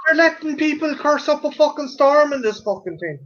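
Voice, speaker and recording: A man's voice: very high-pitched, animated, fairly quick, a loud crowd. A man with an Irish accent ranting and swearing theatrically in a rambling, comic way on a stream. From Ireland. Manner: foul-mouthed, rambling, theatrical. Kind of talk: profane comic rant. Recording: dull lo-fi stream audio.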